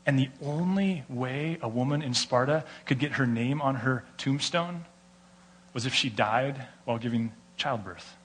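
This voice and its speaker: American man preaching with animated storytelling. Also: mid-range voice, unhurried, slight background noise. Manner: animated storytelling, acts out quoted voices. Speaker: pastor. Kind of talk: sermon.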